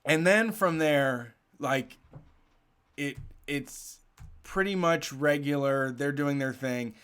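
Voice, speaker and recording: Animated man telling a wild story. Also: on the high side, slow pace, smooth. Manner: animated, profane, laughs while telling. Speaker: podcast host telling a story. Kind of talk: casual storytelling.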